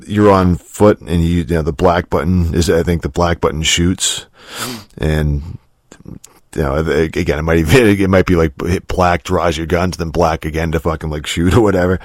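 A man with a very low voice, recorded dry and close with no room sound. He talks loosely through a game review, swearing often and circling back to restart his sentences between chuckles. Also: no room sound. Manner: profane, rambling, many fillers and restarts, chuckles often. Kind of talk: casual rambling game review.

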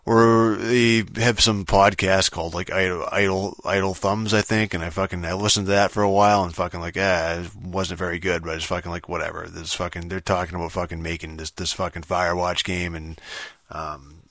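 Man with a low, flat voice and dry recording; annoyed, dismissive rambler, swears nonstop. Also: fairly quick, no room sound. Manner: profane, rambling, heavy filler words. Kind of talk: casual ranting monologue.

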